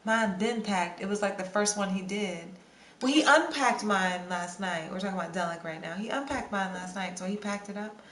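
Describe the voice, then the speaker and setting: Young woman streamer, casual scattered chat, roomy echo, faint background hiss; medium pitch. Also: moderate pace, a bit bright. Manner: chatty, scattered, answers song requests with bits of singing. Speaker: livestream host. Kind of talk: casual livestream chat, reading viewer comments. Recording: roomy with faint ambient noise.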